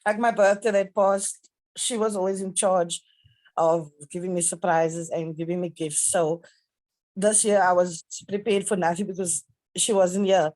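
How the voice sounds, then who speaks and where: A middle-aged woman speaking haltingly and tearfully as a grieving mother, heard over a video call. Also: lowish voice, fairly even intonation, dry recording, poor audio. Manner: halting, tearful, soft-spoken. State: crying at times. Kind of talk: emotional conversation.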